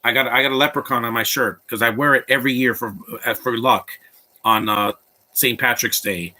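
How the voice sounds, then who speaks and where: A man with a bright, forceful voice talks over a movie as it plays, tossing out blunt opinions and rambling asides. His pitch sits in an ordinary middle range for a man. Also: steady tone, fairly quick. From Latino background. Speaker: movie commentator. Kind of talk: live movie commentary.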